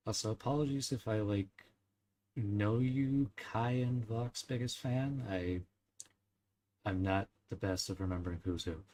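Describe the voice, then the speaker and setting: A man's voice: fairly low pitch, unhurried, dark tone. Giggly rambling young male streamer. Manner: rambling, giggly, many fillers and small verbal tics. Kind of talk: casual chat with live chat.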